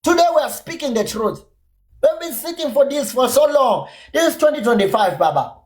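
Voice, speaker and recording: This man's very high-pitched voice has lively intonation, a fairly quick tempo, and a slightly mellow quality. He's South African, a native isiZulu speaker with a Zulu-inflected accent, ranting angrily, profanely, and confrontationally on his podcast livestream from an echoey room.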